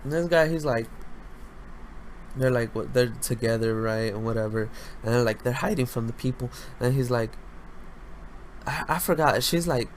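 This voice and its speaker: A young man hosting a casual solo podcast, talking loudly with lots of slang and swearing, jumping between high-pitched bursts and low mutters. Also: moderate pace, long pauses, slight background noise. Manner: loud, animated, slangy, swears freely. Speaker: podcast host.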